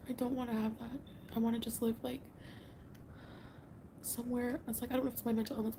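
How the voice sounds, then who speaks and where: Tearful woman half-whispering, gravelly fry. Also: on the high side, level tone, fairly quick, noisy background. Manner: soft, often half-whispered, rambling. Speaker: livestreamer. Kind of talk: late-night livestream confessional. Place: home at night. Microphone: phone livestream.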